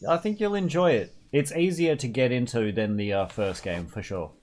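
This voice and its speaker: This is a young Australian streamer's laid-back commentary on a game he's playing, rowdy and jokey, heavy on profanity and doting words for an in-game dog. His mid-range voice has a darkish tone and moves at a moderate pace.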